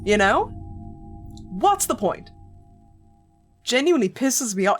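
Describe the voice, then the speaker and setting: A woman's voice: fairly high pitch, big pitch swings, takes it slowly, pauses often. A woman streaming a game, griping with sarcastic, profane commentary. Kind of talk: let's play commentary. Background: game music.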